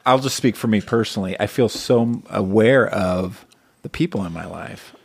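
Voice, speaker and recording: A man co-hosting a talk show, speaking in a relaxed, thoughtful way with frequent short agreements. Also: lowish voice, normal speed, gravelly, husky, no room sound, studio quality. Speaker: radio co-host. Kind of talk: casual talk-show chat.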